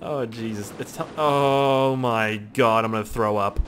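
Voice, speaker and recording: A young man giving casual gameplay commentary, excitable and mock-despairing, swearing at the crashes as he plays. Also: medium pitch, unhurried, slight background noise. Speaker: gaming YouTuber.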